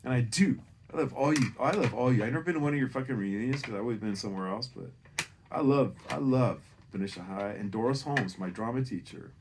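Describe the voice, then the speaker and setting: A man in his fifties from Northern California speaks quickly in a mid-range voice, with slight background noise. His personal story wanders, full of profanity and animation, and he keeps asking "right?"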